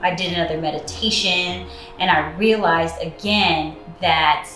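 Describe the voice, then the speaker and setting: A woman telling a personal story in casual chat, relaxed and full of fillers. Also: on the low side, unhurried, echoey room, soft background music. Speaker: co-host.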